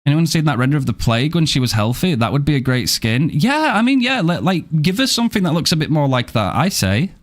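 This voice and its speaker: A man's voice: on the high side, sing-song, fast, hardly any pauses. Laid-back British man chatting on stream. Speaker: game streamer. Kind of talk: casual live-stream chat with viewers.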